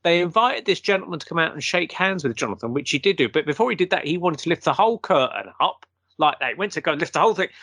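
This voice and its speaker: A man, a guest, telling a long anecdote in a casual, animated way and acting out the quotes. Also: fairly high pitch, quick pace, no room sound.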